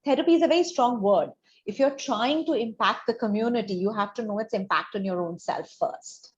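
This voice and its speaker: A woman's voice: on the high side, a little fast. A woman counseling a student on an admissions essay over a video call, in a reflective way that builds on vivid example stories. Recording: dull, lo-fi video call audio.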